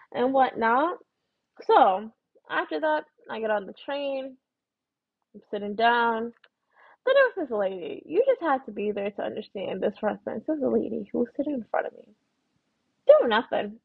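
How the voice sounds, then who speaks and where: A woman rants into a close mic, her voice husky and a little high. She tells her story bluntly and swears freely, and the dry, dull recording has a lo-fi feel. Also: no echo. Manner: profane, blunt, storytelling rant. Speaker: podcast host. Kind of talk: casual ranting monologue.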